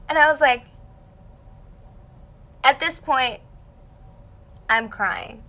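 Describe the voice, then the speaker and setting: A woman's voice: fairly high pitch, slow pace, long pauses. A young woman telling a dramatic story to fans in a casual livestream, talking animatedly and saying "like" a lot. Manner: dramatic, animated, heavy use of "like". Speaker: singer answering fans on a livestream.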